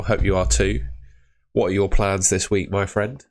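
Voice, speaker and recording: A man with a notably low voice hosts a relaxed live stream. He chats in an upbeat, friendly way, answering viewers by name as he goes. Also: a little fast. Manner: chatty, upbeat, talks to chat viewers by name. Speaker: livestream host. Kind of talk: casual live stream chat.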